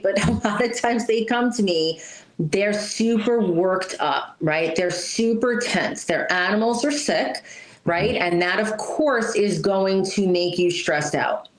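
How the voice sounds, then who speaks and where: A woman's voice: mid-range voice, takes it slowly. Blunt chatty woman in an echoey room. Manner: blunt, chatty, many fillers like "right?" and "you know". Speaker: pet health and wellness guest. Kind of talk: casual interview talk.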